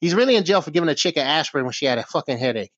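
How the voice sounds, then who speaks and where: A man's voice: on the high side, lively intonation, racing, a bit bright, slightly rough, no room sound. An American man delivering an angry, profane vlog rant in heated bursts. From United States. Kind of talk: ranting vlog monologue. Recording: dull lo-fi dry recording.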